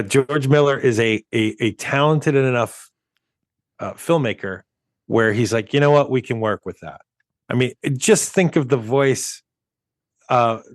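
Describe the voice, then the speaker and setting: Podcast co-host, man, mid-pitch, rambly casual talk, dry close mic. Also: no echo. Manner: rambling, restarts often, chuckles while talking. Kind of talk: casual movie chat.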